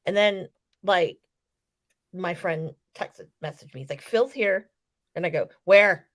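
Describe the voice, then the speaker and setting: A woman's voice: lowish voice, measured pace. A woman in casual podcast chat, telling a story with profanity and acting out the quotes. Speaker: wrestling podcast co-host.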